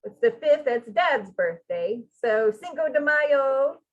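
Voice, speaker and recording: Woman, channeling show co-host; high, giggly, teasing; dull lo-fi audio. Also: lively intonation, slow. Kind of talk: casual chat.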